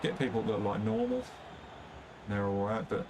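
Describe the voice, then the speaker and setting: A young man with a lowish voice and a London-area accent talks casually on a game stream. He rambles, swears freely and scatters fillers through his sentences, like someone talking to his chat from a desk mic. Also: a little slow, noisy background. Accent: London area English. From England. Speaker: gaming streamer.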